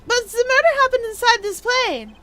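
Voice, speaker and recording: A woman's voice: very high-pitched, expressive, moderate pace, very noisy, voice pushed up. A woman voicing an arrogant young female prosecutor who snaps back with scornful, imperious retorts. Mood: scornful, indignant. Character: haughty, whip-cracking young female prosecutor.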